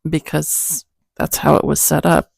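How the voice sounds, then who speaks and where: A woman's voice: low voice, flat delivery, a little slow, vocal fry, darkish tone, dry recording. A woman hosting her own channel, chatting casually at home with her cats in a rambling way, with self-deprecating asides. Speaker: host of a Bible-reading channel. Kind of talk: casual chat.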